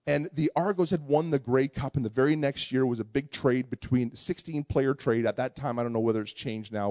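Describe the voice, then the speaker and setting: Man preaching with a lively story. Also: medium pitch, no echo, studio quality. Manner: animated storytelling, many restarts. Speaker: pastor. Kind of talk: sermon with personal story.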